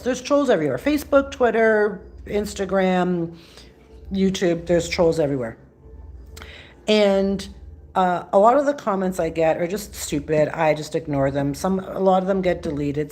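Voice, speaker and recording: A woman's voice: lowish voice, darkish tone. A woman in her sixties from Canada, chatting casually on a live stream from her phone and answering viewers' comments with many restarts. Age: 60s. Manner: chatty, rambling, frequent restarts. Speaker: vlogger answering live chat.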